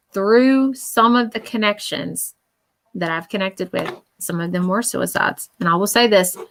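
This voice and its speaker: Earnest woman medium relaying spirit messages. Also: on the low side. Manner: earnest, relays messages in quoted speech, keeps asking "okay?"; animated, emotional. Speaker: psychic medium. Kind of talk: live-stream reading.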